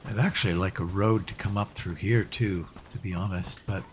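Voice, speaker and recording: A man's voice: sits low, steady tone, moderate pace, slight background noise. A man casually commenting as he plays a game, musing aloud with hesitant restarts. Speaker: let's play host.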